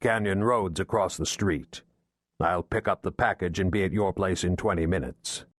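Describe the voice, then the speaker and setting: Narrator reading a hitman faking easy, friendly chatter, low and dry. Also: normal speed, dry recording. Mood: casual cover. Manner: casual, falsely friendly. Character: Russian hitman faking easy American small talk.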